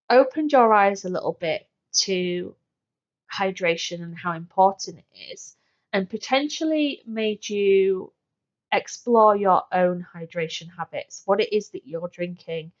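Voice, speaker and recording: A woman's voice: fairly low pitch, lo-fi sound. A woman hosting a solo wellness podcast, chatty and full of fillers and restarts. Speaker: podcast host.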